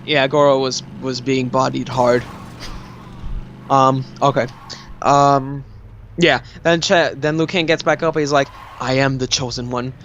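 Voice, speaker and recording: A man's voice: mid-range voice, flat delivery, unhurried, pauses often, a bit bright, lo-fi sound, slight background noise. A young man hosting a gaming video, rambling casually as he retells movie scenes. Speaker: let's play host. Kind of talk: casual gameplay commentary.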